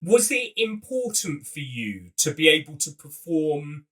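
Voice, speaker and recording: An upbeat man hosting a podcast, his bright voice swinging widely in pitch. He sounds a little distant from the microphone as he leads the interview. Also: big pitch swings, a little slow. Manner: upbeat, enthusiastic, playful segues. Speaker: podcast host. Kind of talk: casual interview chat.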